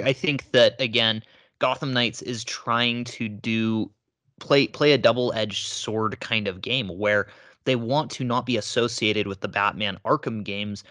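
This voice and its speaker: A man co-hosting a casual talk show, explaining his points in a measured, steady way. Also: lowish voice, no echo, studio quality. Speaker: podcast co-host. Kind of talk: casual discussion.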